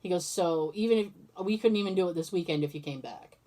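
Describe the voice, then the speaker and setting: A fast-talking woman with a fairly low, warm voice hosts a podcast. She casually narrates a story, acting out each side of the conversation and swearing freely.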